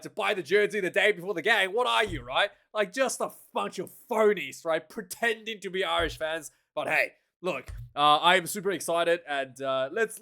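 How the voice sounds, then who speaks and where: A young man talks rugby in a loose, rambling way, laughing between thoughts and restarting his sentences. His voice sits fairly high for a man. He sounds like he is speaking straight to camera into a desk mic. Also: creaky, pushed and bright. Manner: chatty, laughs often, many fillers and restarts. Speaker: rugby commentator and channel host. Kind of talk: casual rambling commentary.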